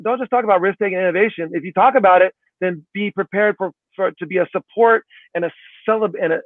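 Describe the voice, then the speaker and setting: A man being interviewed as a guest author, talking in an energetic, emphatic way and often ending points with tag questions. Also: high voice, dry recording. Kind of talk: podcast interview answer. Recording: tinny dry phone line.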